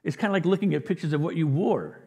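A male pastor preaching a sermon, telling the story in an animated way and acting out the quotes with chuckles. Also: fairly high pitch, fast. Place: church sanctuary. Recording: long reverb of a large hall.

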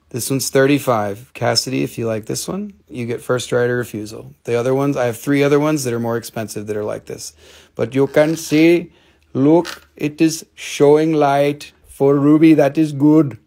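A man's voice: mid-range voice, gravelly, a little mellow. A man hosting a casual live-stream crystal sale, joking and swearing freely as he shows the stones.

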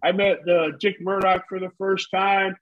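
A man's voice: high-pitched, flat delivery, normal speed, highs cut off. A man in his fifties from the United States, co-hosting a casual chat and telling profane, rambling stories. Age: 50s. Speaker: co-host, former pro wrestler.

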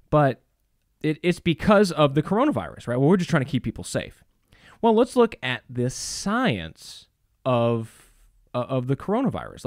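A man's voice: medium pitch, no room sound, studio quality. A middle-aged man preaching to a church audience, emphatic, with rhetorical questions and many fillers. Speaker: church speaker. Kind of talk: preaching talk.

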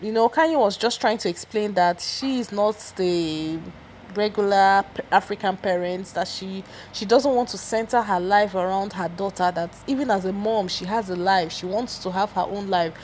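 A woman's voice: medium pitch, moderate pace, darkish tone, slight background noise. A woman giving a chatty, opinionated gossip recap, often restarting her sentences. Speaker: celebrity gossip vlogger.

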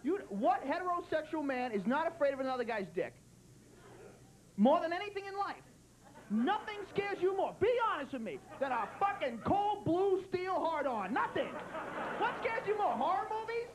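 A man performing a stand-up comedy set on a club stage, loud and animated, swearing and acting out quick voices. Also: extremely high pitch, low-quality recording. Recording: live club recording, loud crowd and noise.

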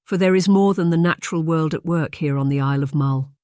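A narrator doing a hushed, kindly old aunt. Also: medium pitch, brisk, smooth, no echo, studio quality, lightly acted. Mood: hushed warning. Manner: hushed, whispery and gentle. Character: kindly soft-spoken aunt from Yorkshire, older woman.

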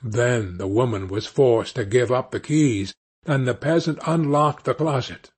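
A man narrating a fairy tale as an audiobook reader, with a measured, deliberate reading. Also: mid-range voice, slightly rough.

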